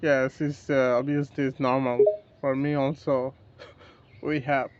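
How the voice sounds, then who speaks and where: A man with a Bangladeshi accent practicing English in a casual chat, speaking haltingly with broken grammar and restarts. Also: mid-range voice, little pitch movement, dull audio. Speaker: English learner.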